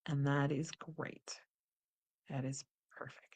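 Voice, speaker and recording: Low-voiced woman guiding a calm practice. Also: creaky, slightly rough. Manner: calm and unhurried, narrating her body sensations. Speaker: host leading a guided practice. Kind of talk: guided wellness practice.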